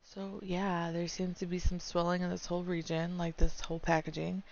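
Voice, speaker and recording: A woman's voice: on the low side, flat delivery, moderate pace, gravelly, a little mellow, dull audio. A young woman reading a visual novel aloud, chatty and wry, with side comments to herself.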